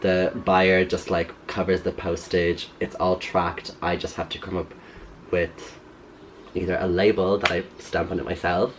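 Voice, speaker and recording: A young man vlogging casually from his bedroom, exclaiming and laughing a lot as he clears out his closet. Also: deep voice, a little slow, a little hiss or hum. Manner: animated, exclamatory, laughs often. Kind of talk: casual chat. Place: bedroom at home.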